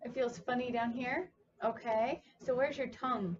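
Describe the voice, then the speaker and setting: A woman's voice: on the high side, fairly even intonation, moderate pace, dull audio, slight background noise. A woman speech therapist demonstrating speech sounds, speaking patiently and encouragingly as she coaches a child. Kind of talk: instructional demonstration.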